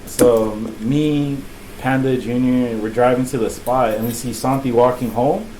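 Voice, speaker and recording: A man's voice: medium pitch, fairly even intonation, measured pace, warm tone, a little hiss or hum, low-quality recording. A young man hosting a podcast, telling a rambling, profane story full of laughter and "bro.". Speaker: podcast host. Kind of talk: casual storytelling chat.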